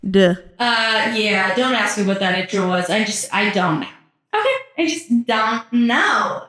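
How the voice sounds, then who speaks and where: A woman's voice: medium pitch, lively intonation, a little slow, a bit bright. A woman hosting a podcast, talking casually with joking, sarcastic asides from home. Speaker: podcast host. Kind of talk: casual reaction commentary. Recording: echoey room, distant mic, faint music.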